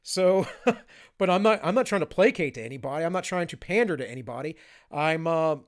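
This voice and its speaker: A man's voice: fairly high pitch, lively intonation, a little fast. A man with a Southern US accent giving blunt, opinionated solo commentary. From Southern United States. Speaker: political commentator.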